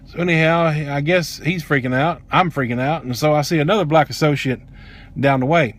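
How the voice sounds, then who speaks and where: A man's voice: on the high side, fairly quick. Guy, middle-aged, cussing a lot, blunt and worked up telling a story. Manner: blunt, profane, heated. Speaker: vlogger. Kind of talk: casual storytelling.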